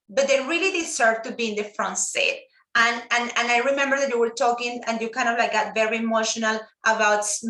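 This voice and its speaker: A woman whose first language is Spanish speaks in a high, bright voice, earnest and heartfelt, often circling back over her own words. She talks over a video call in an echoey room. The voice carries a casual live-stream feel. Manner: earnest, heartfelt, many restarts. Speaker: guest teacher.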